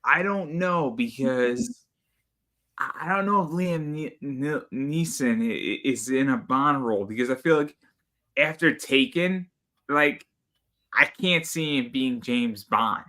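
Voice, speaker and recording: A man with a bright voice at a middle pitch makes his case in earnest. He often stumbles over the first words of a sentence before he gets going. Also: slow. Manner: earnest, argues a point, stutters on starts. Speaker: podcast guest. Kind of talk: casual chat.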